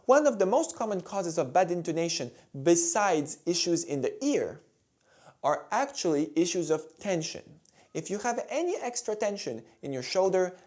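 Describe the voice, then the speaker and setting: A man teaching violin intonation in a calm, clear, demonstrative way. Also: fairly high pitch. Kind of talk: instructional video talk.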